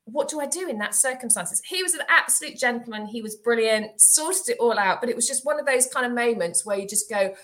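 Middle-aged woman host, bright and forceful tone, slightly high pitch, chatty anecdotes with frequent laughs. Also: animated, brisk, hardly any pauses. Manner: warm storyteller, laughs often while talking. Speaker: rural estate agent, podcast host. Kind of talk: casual podcast chat.

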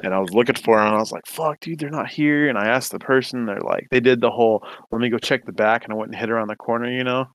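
A man's voice: mid-range voice, steady tone, rapid-fire, few pauses, a bit bright, no echo. A man co-hosting a casual podcast, rambling through crude stories with constant swearing. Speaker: podcast co-host.

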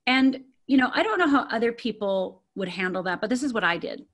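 This middle-aged Upper Peninsula woman talks a little fast, with a fairly bright, expressive voice on the high side. She's a guest in an interview, openly recounting her own story while often repeating words and leaning on fillers.

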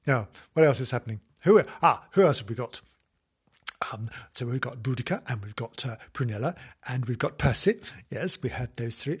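A man telling a comic mock children's story at a slow pace, chuckling and teasing as he goes. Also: mid-range voice, lively intonation, slightly rough.

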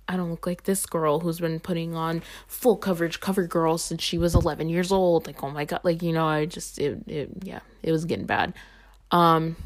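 A young adult woman talks casually on her podcast, slipping in constant "like"s and "um"s. Her voice sits a little low for a woman. She sounds loose and conversational, as if chatting with a friend. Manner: chatty, lots of "like" and "um" fillers. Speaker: podcast host. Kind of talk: casual storytelling monologue.

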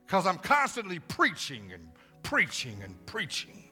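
A man's voice: mid-range voice, huge pitch swings, normal speed, over loud music. A middle-aged man preaching a storytelling sermon in a church, emotional and repetitive, dropping into slangy asides. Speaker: pastor. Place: church sanctuary.

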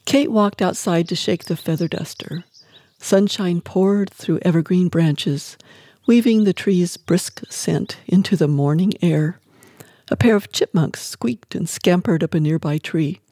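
Author reading their own book, mellow and calm, dry close mic. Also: mid-range voice, no room sound. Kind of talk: scripted narration.

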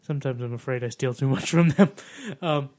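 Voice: mid-range voice, a little fast, a little mellow. An American podcast co-host chatting casually, rambling and hesitant with lots of fillers. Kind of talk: casual chat.

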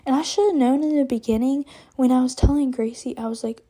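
A young woman from Texas telling a personal story on her podcast in a chatty, animated way, full of fillers and little laughs. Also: sits high, quick pace, few pauses, slightly rough. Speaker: podcast host. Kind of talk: casual storytelling.

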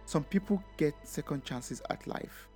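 A man narrating a scripted first-person story, reflective and dramatic, his voice sitting slightly high for a man. Soft music plays faintly underneath. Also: measured pace.

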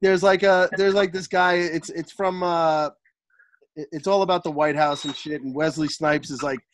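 A man's voice: on the high side, fairly even intonation, normal speed, slight background noise. A man in a casual chat, retelling a scene in a rambling way with many fillers.

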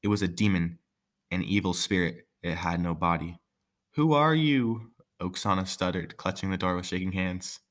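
A man's voice: low-pitched, little pitch movement, a little fast, fairly bright tone. A man reading a folk tale aloud, breaking off for joking, offhand asides. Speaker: story reader.

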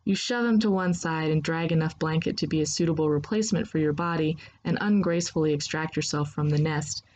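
A woman narrating a second-person story in a steady, unhurried reading voice. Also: sits low, rough recording.

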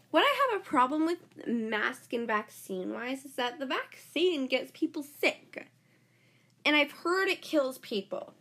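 A woman's voice: fairly high pitch, a bit bright, husky. A woman hosting her own podcast, talking in a chatty valley-girl way full of "like". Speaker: podcast host. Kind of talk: casual podcast monologue.

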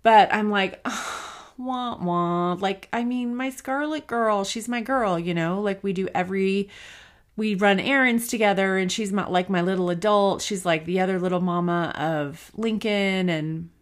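On her personal solo podcast, a woman in her forties talks candidly, thinking aloud with deep emotion as she fights back tears. She speaks at normal speed in a mid-range voice.

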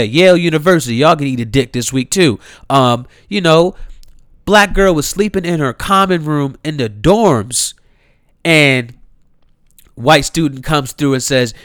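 A man's voice: on the high side, a bit bright, clear, resonant tone, no room sound, studio quality. A man, delivering a heated, incredulous rant, swearing freely and repeating himself. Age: 30s. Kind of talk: impassioned rant to camera.

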